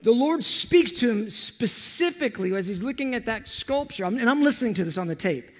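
High-voiced, excited male preacher in a hall. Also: brisk. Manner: animated, excited storytelling. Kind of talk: storytelling sermon.

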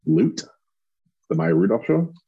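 A man's voice: fairly high pitch, lively intonation, measured pace, creaky, breathy edge, narrow, tinny audio. A man from Southern Indiana co-hosting a podcast, reviewing a show in casual chat and hedging with many restarts. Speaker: podcast co-host.

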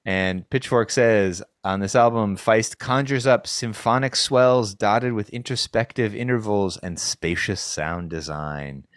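A podcast co-host with a fairly low voice keeps up a measured pace with hardly any pauses, chatting casually and frequently restarting as he rambles. The studio sound is clean, without echo.

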